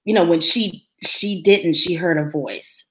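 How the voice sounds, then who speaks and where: A woman co-hosting a casual talk show, retelling a TV episode in an animated way and acting out the characters' lines. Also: lowish voice, a little slow. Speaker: co-host recapping a TV episode. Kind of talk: casual chat.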